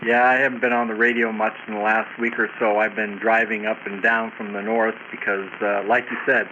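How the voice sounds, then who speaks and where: An older man, a ham radio operator, chatting casually in a halting, hesitant way. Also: fairly low pitch, flat delivery. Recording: muffled radio with static.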